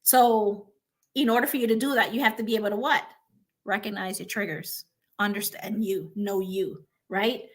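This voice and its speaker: A woman's voice: mid-range voice, steady tone, moderate pace. A woman hosting a motivational talk, emphatic and repetitive, often checking in with "right?". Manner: emphatic, repeats points with frequent "right?". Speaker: host.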